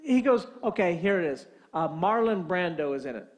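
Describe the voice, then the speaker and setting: A man's voice: sits high, lively intonation, normal speed. A man preaching a sermon, telling a funny story and acting out both sides of a phone call. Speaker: pastor.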